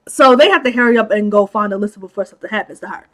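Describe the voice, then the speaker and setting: A woman hosting a casual movie recap. She talks in an animated, chatty way, laughs often and drops in many filler "like"s. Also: medium pitch, racing. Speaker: movie commentary host.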